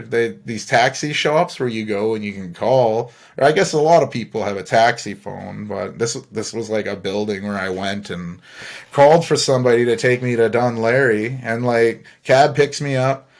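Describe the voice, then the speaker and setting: A young man from Canada hosting a podcast, telling a rambling story alone, laughing often and swearing freely. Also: medium pitch. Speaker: podcast host. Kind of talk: casual storytelling monologue.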